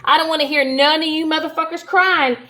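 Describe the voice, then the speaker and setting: A woman's voice: high-pitched, fairly even intonation, brisk, pushed and bright. A woman hosting a live stream, ranting bluntly and profanely and confronting her critics directly. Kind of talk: heated live stream rant.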